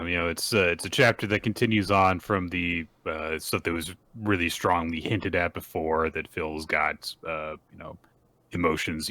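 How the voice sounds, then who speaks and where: A man co-hosting a casual podcast, giving relaxed commentary full of fillers. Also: extremely low pitch. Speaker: podcast co-host.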